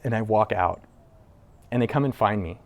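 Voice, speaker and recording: A man's voice: fairly low pitch, normal speed, creaky. Man telling a candid personal story. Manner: loose and conversational, with frequent "like" fillers and casual swearing. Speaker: entrepreneur video host.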